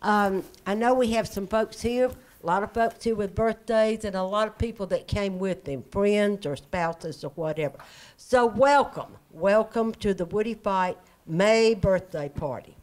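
A woman's voice: medium pitch, measured pace, few pauses, darkish tone. A woman hosting a community birthday party, speaking in an upbeat, chatty way. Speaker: event host.

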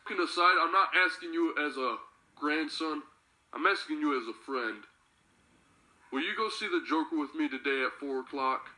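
A man's voice: on the high side, normal speed, sharp tone, low-quality recording. A young man, a grandson, chatting and telling a story with his grandmother in a casual family video.

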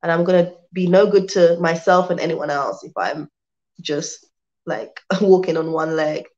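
A woman with a British accent talks her way through viewer comments in a loose, rambling live-stream chat, restarting her sentences often. Her voice sits fairly low and sounds worn out. The sound is dull and lo-fi. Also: moderate pace, darkish tone. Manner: chatty and rambling, with many restarts and fillers. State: tired, worn out.

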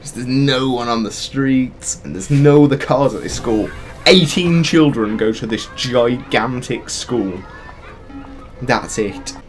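A man's voice: mid-range voice, slow pace, faint music behind. A young man commentating on a game, sarcastic, swearing and ranting in bursts. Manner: sarcastic, ranting, swears a lot, often laughing. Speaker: gamer.

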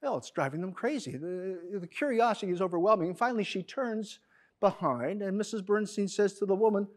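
A man telling a joke in an expressive storytelling way, dropping his voice for the characters. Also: high-pitched, fairly quick. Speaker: joke teller.

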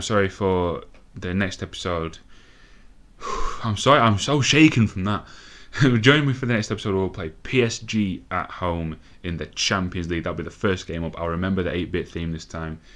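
A young man commentating a football game excitedly, nervous and swearing, with laughing bursts. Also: low-pitched. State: out of breath. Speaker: gaming commentator.

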